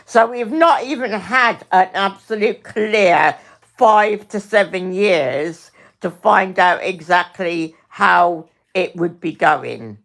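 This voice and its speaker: A middle-aged woman on a home livestream, talking slowly and deliberately but heated throughout. She swears freely, repeats herself, and keeps turning to address her viewers by name. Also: fairly low pitch, creaky, a bit bright. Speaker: livestream host. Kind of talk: angry livestream rant.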